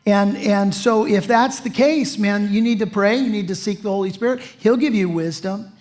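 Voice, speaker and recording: A man's voice: high-pitched, moderate pace, a little mellow. A male pastor preaching a sermon in a folksy, conversational way, often saying "you know".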